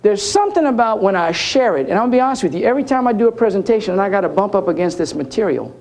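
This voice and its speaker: A man's voice: high voice, animated, very fast, a little mellow. A man giving a conference talk, telling jokey stories and talking straight to the audience. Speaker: keynote speaker. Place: conference hall.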